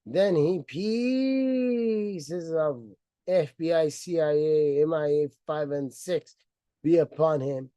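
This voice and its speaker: Slowly and in a warm, high-side voice, a man sarcastically retells religious history as a mocking lecture. He plays out the characters with theatrical flair, recorded dry.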